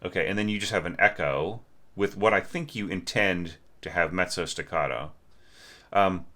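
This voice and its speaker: Deep-voiced man critiquing a score. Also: normal speed, bright, forceful tone. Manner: sings phrases to illustrate, thinks aloud with restarts. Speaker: orchestration teacher.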